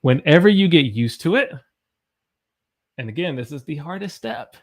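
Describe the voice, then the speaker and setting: A young American man teaching English on a live stream, energetic, his voice jumping high whenever he gets excited. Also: moderate pace. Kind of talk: live-streamed language lesson.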